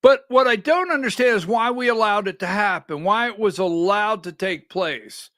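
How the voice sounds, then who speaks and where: Bright, high-pitched ranting male host. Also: moderate pace, no echo, clean studio sound. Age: middle-aged. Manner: animated, rhetorical, keeps asking "right?"; rises to near-shouting when worked up. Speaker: political commentary host. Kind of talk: livestreamed political commentary.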